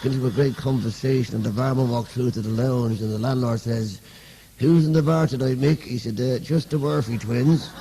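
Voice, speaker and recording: Mellow-voiced Irish comedian telling jokes. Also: male voice, medium pitch, slight background noise. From Ireland. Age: young adult. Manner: rapid-fire one-liners, switching into characters' voices. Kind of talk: stand-up joke telling.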